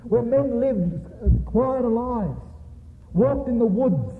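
High-voiced preacher in an echoing hall. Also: male voice, animated, slow pace. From Australia. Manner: emphatic, repeats points and keeps addressing the congregation. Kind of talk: sermon. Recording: tinny lo-fi recording with long hall reverb.

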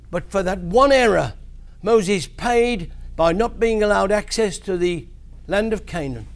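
A man preaching to children, telling a Bible story in an animated way with big swings in his voice. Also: high voice.

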